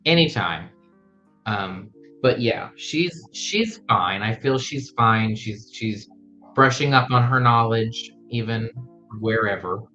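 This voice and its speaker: A man's voice: on the low side, slow pace, pushed and bright, soft background music. A man on a casual podcast, reassuring with joking asides. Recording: dull lo-fi mic.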